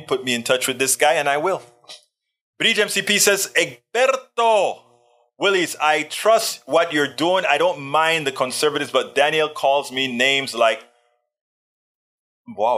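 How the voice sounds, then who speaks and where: A man's voice: on the high side, pushed and bright. A man hosting a livestream in a casual chat, reading viewer comments aloud and adding joking asides. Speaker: livestream host.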